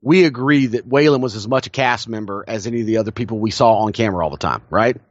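A man's voice: fairly low pitch, quick pace, dry recording, muffled recording. Dry-sounding Southern man telling stories. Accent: Southern American. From American South. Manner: enthusiastic storyteller, laughs often. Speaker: podcast co-host. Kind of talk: casual chat.

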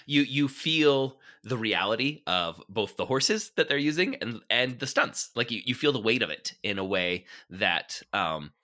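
A man's voice: medium pitch, expressive, a little slow, few pauses, bright, forceful tone. A man as a podcast guest, chatting thoughtfully with lots of ums and restarts. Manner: thoughtful, many fillers and restarts. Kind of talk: casual chat.

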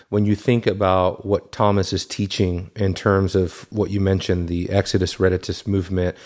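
Podcast host guy, lowish voice, thinking out loud with lots of ums. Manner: thoughtful, hesitant, with many fillers. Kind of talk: casual conversation.

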